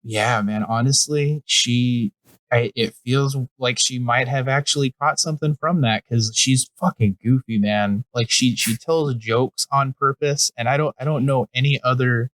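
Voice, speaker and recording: Man, young adult, comedy podcast co-host, rambling, laughs a lot, middle pitch, dry recording. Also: a little slow, fairly bright tone, no room sound, low-quality recording. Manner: rambling, laughs often, swears freely. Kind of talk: casual comedic chat.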